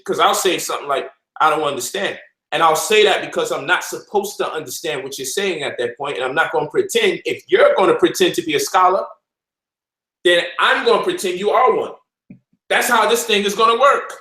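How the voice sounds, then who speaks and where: A man hosting a casual livestream, lecturing and mocking by turns in an animated way. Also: high voice, roomy sound, rough recording. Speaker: host.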